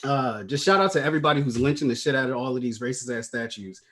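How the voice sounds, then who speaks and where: A man's voice: medium pitch, fast, fairly bright tone. Laid-back man doing stand-up over video call. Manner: loose, conversational delivery with slang. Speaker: stand-up comedian.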